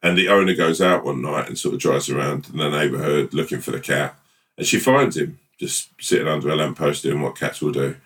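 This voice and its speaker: A man co-hosting a podcast, chatting casually and telling a rambling, playful made-up story with halting restarts. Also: extremely low pitch, a bit bright, far from the mic. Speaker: podcast co-host. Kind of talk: casual chat and improvised storytelling.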